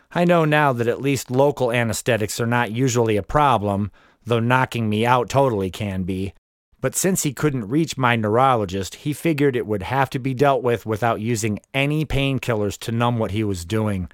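A man's voice: mid-range voice, dry recording, studio quality. A man narrating his own memoir in the first person, wry and matter-of-fact as he tells it.

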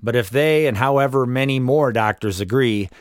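A man's voice: medium pitch, moderate pace, clear, resonant tone, no echo. Man, memoir narrator, wry matter-of-fact delivery, dry booth sound. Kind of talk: first-person memoir narration.

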